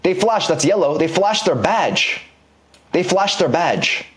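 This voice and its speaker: A man's voice: high voice, animated, measured pace, a bit bright. A man teaching an online business course in a casual, slangy lecture style, explaining ideas by drawing examples on a board.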